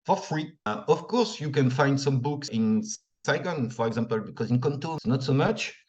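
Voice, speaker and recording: A man's voice: mid-range voice, expressive, a little mellow. Middle-aged French man, accented English, hesitant guest, dull lo-fi sound. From northern France. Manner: hesitant, many pauses and filler sounds. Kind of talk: conversational interview answers.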